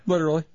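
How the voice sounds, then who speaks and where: A man co-hosting a radio show, tossing out deadpan joking remarks. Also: no echo, highs cut off. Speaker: radio co-host. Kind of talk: casual radio banter.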